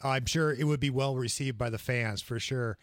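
A man's voice: mid-range voice, normal speed, dry recording, clean studio sound. A man hosting a show, asking a musician casual interview questions in a friendly way with a few fillers. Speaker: radio show host.

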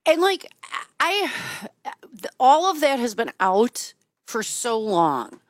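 A woman's voice: a little high, sing-song, slow pace, dry recording. A woman hosting a call-in talk show, commenting in an indignant, emphatic way and taking callers.

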